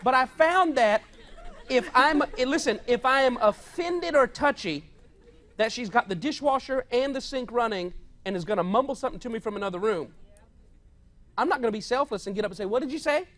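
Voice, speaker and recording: A male pastor delivers a conversational, humorous sermon, telling stories from home, mimicking household conversations and laughing often as he talks. His voice is extremely high, a bit bright, and a little fast.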